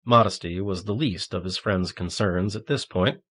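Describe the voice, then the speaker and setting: A man reading a novel aloud in a measured, even storytelling manner. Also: low-pitched, breathy edge. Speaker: audiobook narrator. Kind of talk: scripted narration.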